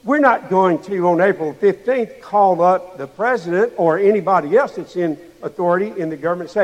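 High-voiced preacher in a reverberant hall. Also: male voice, normal speed, few pauses, darkish tone, lo-fi sound. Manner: asks the listeners rhetorical questions. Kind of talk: sermon.

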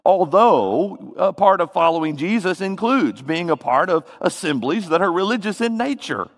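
Southern preacher in a reverberant hall. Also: male voice, a little high, a little slow, gravelly. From Tennessee. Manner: folksy, animated storytelling. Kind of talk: sermon.

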